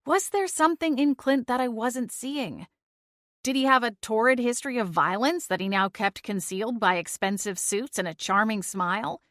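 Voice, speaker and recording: A woman narrating a first-person audiobook in an even, measured storytelling voice. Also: a little high, no echo, clean studio sound.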